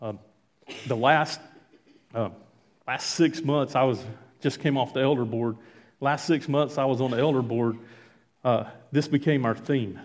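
A man giving an informal sermon and reading scripture aloud, conversational and halting, with frequent fillers and restarts. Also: mid-range voice. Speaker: lay preacher.

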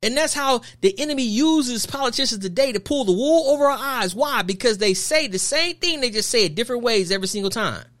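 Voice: mid-range voice, lively intonation, brisk, hardly any pauses, a bit bright. A podcast host delivering an emphatic, preachy opinion monologue full of rhetorical questions and repeated phrases.

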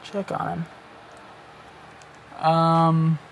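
Man, slightly high voice, tired, rambling, self-deprecating, casual swearing, solo podcast host. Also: completely flat delivery, very slow, creaky, background noise.

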